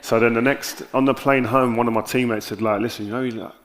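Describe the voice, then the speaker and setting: A man with a South London accent, an interview guest telling candid stories on stage with animated, lively quoted dialogue. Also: medium pitch, fast. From South London, England.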